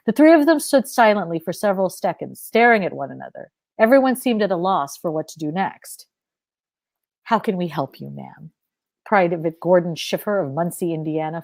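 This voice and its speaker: A woman's voice: medium pitch, no room sound. Woman reading her fiction aloud, dry sound.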